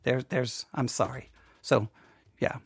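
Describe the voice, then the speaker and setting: A man's voice: medium pitch, fairly even intonation, slow pace, creaky, breathy edge, no room sound. A Texan man hosting a theology show, rambling and self-deprecating with many restarts. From Texas. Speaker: host. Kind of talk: theology commentary.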